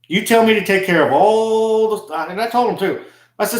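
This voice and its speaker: A man's voice: high voice, normal speed. Aggrieved man telling an army story, echoey. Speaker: army veteran vlogger. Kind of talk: casual monologue.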